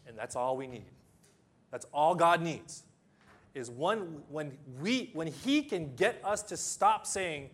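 A man preaching a sermon as pastor, emphatic, with long pauses, building to loud peaks and then dropping low. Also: expressive. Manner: acts out simple illustrations with sound effects.

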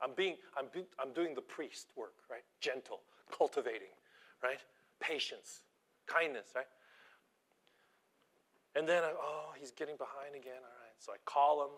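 A man preaching an informal sermon, telling stories from his teaching job in an animated, self-deprecating way, dropping to quiet asides and rising to loud emphasis. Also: fairly high pitch, unhurried, pauses often. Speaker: preacher and schoolteacher.

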